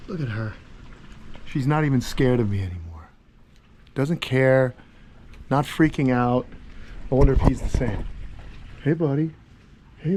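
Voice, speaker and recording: A man running a reptile sanctuary, chatting casually to viewers while coaxing his animals in a gentle voice, recorded outdoors on a head-mounted camera. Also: medium pitch, slight background noise. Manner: soft coaxing talk to the animals. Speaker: reptile sanctuary keeper and vlogger. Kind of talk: casual vlog chat. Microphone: head-mounted action camera.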